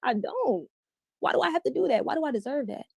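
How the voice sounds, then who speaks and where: A woman's voice: sits high, big pitch swings, fast, creaky, a little mellow, no echo, studio quality. A woman as an interview guest, giving a candid, emphatic personal account in slangy everyday speech.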